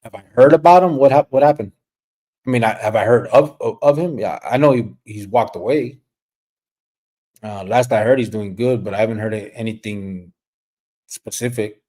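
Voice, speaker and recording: A middle-aged man hosting a casual livestream, rambling and relaxed, dropping Spanish slang as he reads comments. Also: on the low side, normal speed. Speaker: livestream host.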